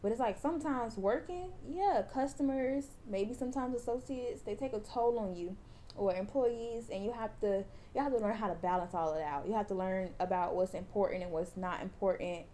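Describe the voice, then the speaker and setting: A young woman talks straight to her viewers in a casual home vlog, mellow and warm, calling them y'all and circling back over her words. Her voice is even in pitch, with a faint hiss of background noise behind it. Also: a little fast. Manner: chatty, addresses viewers as y'all, restarts phrases. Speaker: vlogger. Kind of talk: casual vlog chat and encouragement.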